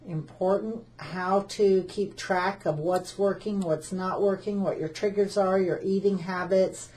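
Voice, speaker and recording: A woman hosting an interview, asking questions and summing up in an unhurried, affirming way. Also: mid-range voice, a little mellow. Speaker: interview host.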